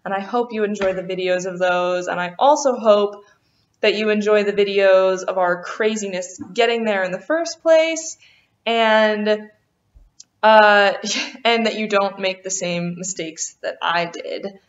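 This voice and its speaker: A young woman vlogger telling a lively storytime about a travel mishap, acting out what people said. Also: mid-range voice. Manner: animated, quotes people in quick voices. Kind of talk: casual storytime. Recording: dull lo-fi sound.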